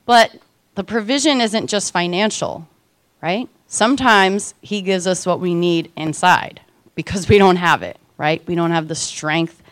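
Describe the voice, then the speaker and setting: A woman's voice: lowish voice, dry recording. A woman, likely in her thirties, giving a casual devotional Bible teaching in a conversational way, often checking in with "right?".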